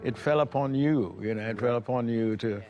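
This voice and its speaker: Earnest halting man. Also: medium pitch, background noise.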